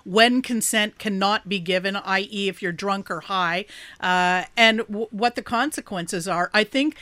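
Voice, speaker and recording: Confident woman news anchor, bright tone. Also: mid-range voice, dry recording. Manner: confident, opinionated. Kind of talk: panel discussion.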